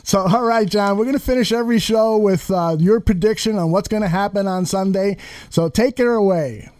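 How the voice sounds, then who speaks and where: A man co-hosting a casual sports podcast, chatty and quick to laugh. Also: sits high, a little mellow. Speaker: podcast co-host.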